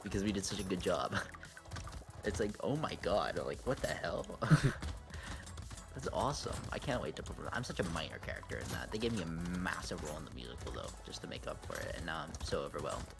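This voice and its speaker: A man's voice: low voice, expressive, brisk, creaky, over music. A teenage boy streaming a game, chatting casually and animatedly, swearing and breaking into laughs. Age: teens. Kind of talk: casual chat while gaming.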